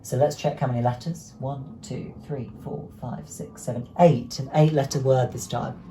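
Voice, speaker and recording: A man's voice: mid-range voice, fairly even intonation, moderate pace, mellow, slight background noise. Upbeat male teacher talking to kids. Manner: clear, encouraging, speaks to pupils directly. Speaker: primary school teacher. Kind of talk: online lesson for children.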